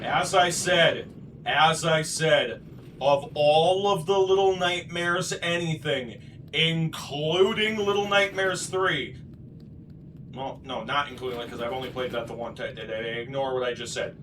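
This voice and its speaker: A man hosting a game playthrough, muttering to himself and then shouting and swearing in frustration, teasing himself as he plays. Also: on the high side, a little slow, recorded from a distance, background noise. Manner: excitable, swings from muttering to shouting; self-deprecating, swears. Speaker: gaming channel host. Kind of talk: let's play commentary.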